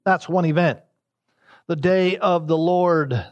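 High-voiced man preaching a sermon. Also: takes it slowly, lo-fi sound. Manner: emphatic, repeats key lines, rises in pitch for emphasis. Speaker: pastor.

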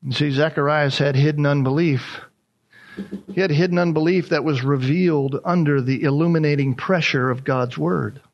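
A man's voice: a little high, steady tone, normal speed, lo-fi sound. A man preaching a sermon as a pastor, emphatic and repeating his key points.

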